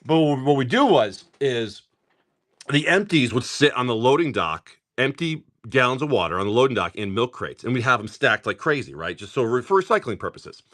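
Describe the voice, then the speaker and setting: A man's voice: medium pitch, big pitch swings, a bit bright. A middle-aged man hosting a live stream, opening card packs, rattling off card names and telling joking stories in casual chat. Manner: rapid card-name rundowns mixed with joking stories.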